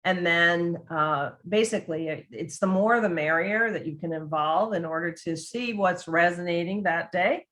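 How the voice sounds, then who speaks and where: A woman's voice: fairly low pitch, moderate pace, few pauses, fairly bright tone. A woman who writes on dementia care, giving a conversational talk with frequent restarts and acted-out quotes. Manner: chatty, frequent restarts, acts out quoted voices. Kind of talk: conversational presentation.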